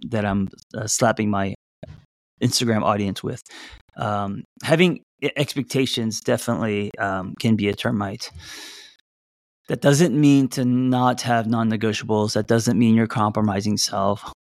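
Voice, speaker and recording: A man's voice: on the low side, normal speed, no room sound, clean studio sound. A middle-aged man hosting a casual relationship-advice talk, loose and conversational, with fillers, restarts and self-deprecating asides. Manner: loose and conversational, many fillers and restarts, reading out audience replies. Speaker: podcast host.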